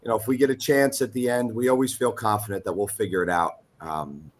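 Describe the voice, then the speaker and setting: Football coach guy, lowish voice, calm and plain-spoken in an interview. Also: fairly quick. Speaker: high school football coach. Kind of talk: interview answers.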